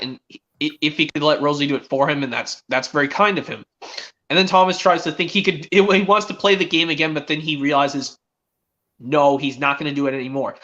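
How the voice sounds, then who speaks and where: A man's voice: on the high side, sharp tone, muffled recording. A teenage boy streaming a casual chat, rambling with many restarts as he retells cartoon scenes. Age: teens. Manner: rambling, restarts often, quotes characters.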